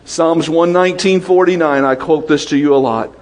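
Speaking a little high, a man preaches a sermon in a large hall. His delivery is quick-fire and lively, and he often puts questions to the congregation.

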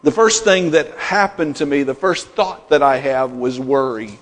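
This pastor, a middle-aged man of medium pitch, speaks a little slowly with few pauses. His preaching stacks up emphatic repetitions that rise in force, and the hall adds a long reverb.

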